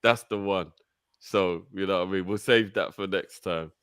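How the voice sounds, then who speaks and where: A man's voice: low voice, normal speed, a bit bright, clear, resonant tone, dry recording, studio quality. A man hosting a casual call-in show, laughing a lot and calling people bro. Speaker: host.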